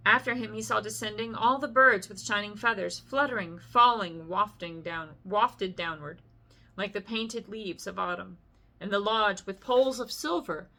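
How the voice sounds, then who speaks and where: A woman reads a long narrative poem as a bedtime story, steady and gentle. Her voice is bright and clear, at an everyday middle pitch, and she drops in relaxed, offhand comments between verses. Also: normal speed. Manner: gentle reading with casual asides.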